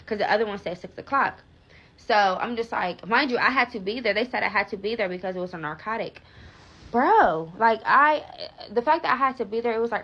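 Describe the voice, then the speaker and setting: A woman's voice: medium pitch, brisk, a bit bright, dull audio. A young woman telling a rambling storytime, filler-heavy and swearing freely, with frequent restarts. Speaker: vlogger. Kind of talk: casual storytime vlog.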